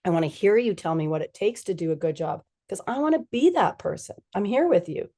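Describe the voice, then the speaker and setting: A woman's voice: fairly low pitch, very animated, a little fast, dark tone. A woman physician talking as a podcast guest, animatedly acting out the dialogue she quotes. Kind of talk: conversational podcast interview.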